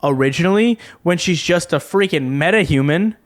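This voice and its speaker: Dude cohosting a tv review, kinda high voice, super animated and exasperated. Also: male voice, normal speed. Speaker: podcast co-host. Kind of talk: casual chat reviewing a TV episode.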